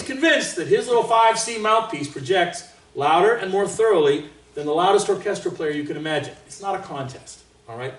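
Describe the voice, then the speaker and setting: A man from Canada leading a trumpet master class in a casual, joking way, with boastful asides and sudden loud exclamations. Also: high voice, lively intonation, a little fast, hardly any pauses, a little hiss or hum. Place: large room with an audience. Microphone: distant microphone. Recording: roomy, distant sound.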